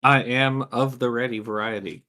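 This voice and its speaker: Bright-voiced Southern man, wry banter. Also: mid-range voice, fairly even intonation, moderate pace. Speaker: guest co-host. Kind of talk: casual live-stream chat.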